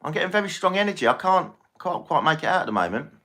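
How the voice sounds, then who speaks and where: Bright-voiced man reading tarot. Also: on the high side, sing-song, fast talker. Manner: chatty, reassuring, repeats himself. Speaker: tarot reader. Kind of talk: live-stream tarot reading.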